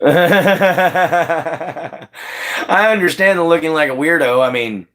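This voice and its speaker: A man's voice: on the high side, slow, sharp tone. A man hosting a casual livestream, chatting with viewers by name and laughing often. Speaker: livestream host.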